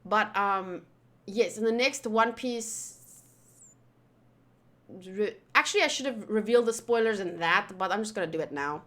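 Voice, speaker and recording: A woman's voice: mid-range voice, a little slow, pauses often, a bit bright. A woman streamer talking casually and rambling, swearing freely as she chats to viewers. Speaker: anime reaction streamer. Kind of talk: casual livestream chat.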